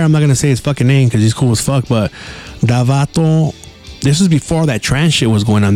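A man's voice: medium pitch, darkish tone. A man hosting a podcast, telling rambling stories with heavy swearing and laid-back slang. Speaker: podcast host. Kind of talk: casual storytelling.

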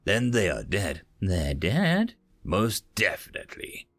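A man voicing an older male military interrogator who speaks in a measured, precise, enunciated way. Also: deep voice, huge pitch swings, no echo, soft background music, pitched below the performer's own voice, heavily acted. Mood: cool.

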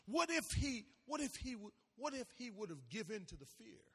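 A male pastor preaching with a high, bright voice that rises and falls freely. He laughs and calls out to his congregation as he goes. The sound rings with the long echo of a large hall. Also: moderate pace, breathy edge. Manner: animated preaching with laughs and call-outs to the congregation. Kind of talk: sermon.

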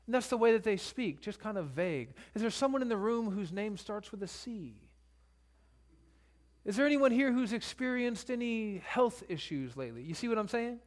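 A man's voice: high-pitched, animated, moderate pace. A male pastor preaching a sermon, retelling scripture in casual everyday speech.

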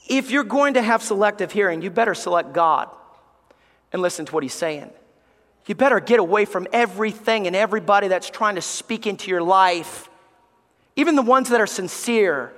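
A male pastor preaching a sermon, swinging between loud emphatic lines and hushed, near-whispered ones. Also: sits high, lively intonation, moderate pace. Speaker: executive pastor. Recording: long reverb of a large hall.

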